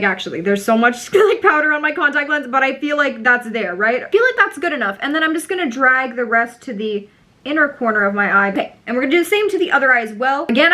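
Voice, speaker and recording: A woman's voice: fairly high pitch, bright, forceful tone. A woman in her twenties chatting through a makeup tutorial, bubbly and self-mocking with lots of fillers. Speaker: beauty vlogger.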